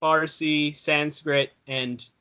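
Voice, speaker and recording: A man's voice: fairly high pitch, flat delivery, drawn-out words, bright, forceful tone, smooth. A young man co-hosting a casual podcast, chatting in a rambling way and correcting himself as he goes. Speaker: podcast co-host. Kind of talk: casual chat. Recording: dull lo-fi podcast audio.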